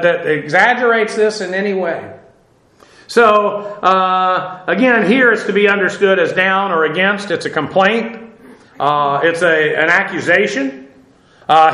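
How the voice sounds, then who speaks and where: A man teaching a verse-by-verse Bible lecture in a conversational way, halting with fillers and restarts and dropping dry asides. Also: high-pitched, bright, forceful tone, echoey room, rough recording.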